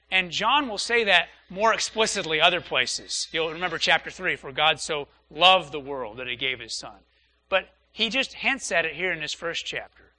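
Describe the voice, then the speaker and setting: Man, pastor, church sermon, earnest, repeats key phrases, high piercing voice. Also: pushed and bright.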